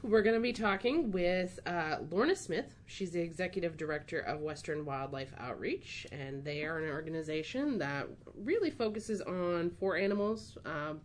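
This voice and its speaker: A woman's voice: lowish voice, lively intonation, moderate pace, few pauses, slight background noise. A young woman hosting a podcast in casual chat, teasing and laughing often. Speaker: podcast host.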